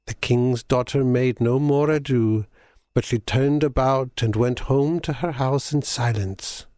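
A man reading a fable aloud as a scripted narration, measured and solemn. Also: medium pitch, mellow, dry recording, clean studio sound.

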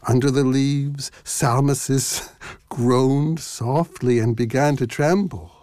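A man narrating a myth in a slow, deliberate reading that lingers on the words. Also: medium pitch, fairly even intonation, a little mellow, no room sound.

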